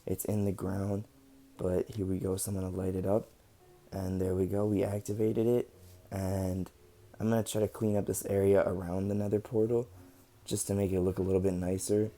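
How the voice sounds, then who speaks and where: Low flat-voiced young man narrating gameplay. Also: moderate pace. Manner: relaxed and rambling, with many ums. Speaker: gaming channel host. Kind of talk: casual gameplay commentary.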